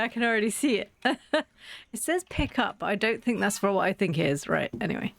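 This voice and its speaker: A woman's voice: medium pitch, sing-song, fairly quick, gravelly. A woman streaming a farming game while sick and sore-voiced, chatting casually and self-deprecatingly, laughing and greeting viewers by name. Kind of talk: casual live-stream chat while playing. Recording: faint background game music.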